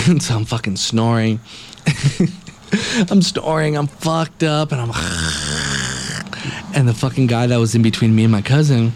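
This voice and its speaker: A man tells a rambling travel story in a relaxed podcast chat. He curses in nearly every sentence and acts out the lines people said. His voice sits at an ordinary middle pitch for a man. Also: slow, a little hiss or hum. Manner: rambling, heavy swearing, acts out quotes.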